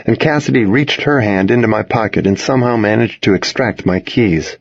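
A man reading a dramatic first-person story aloud, expressive in his delivery. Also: lowish voice, normal speed, hardly any pauses, breathy edge, no echo, muffled recording. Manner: expressive, voices the other characters in his reading.

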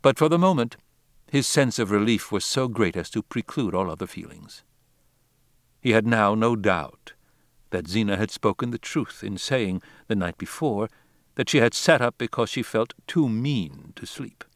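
A man narrating a classic novel as an audiobook, in a measured, deliberate reading style. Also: on the low side, lively intonation, no room sound, clean studio sound.

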